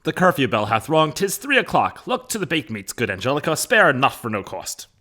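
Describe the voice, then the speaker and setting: A man reading the part of a blustering old noble father who barks hurried orders in a raised, loud voice. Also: mid-range voice, very animated, pitched above the performer's own voice. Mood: bossy. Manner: barking orders loudly.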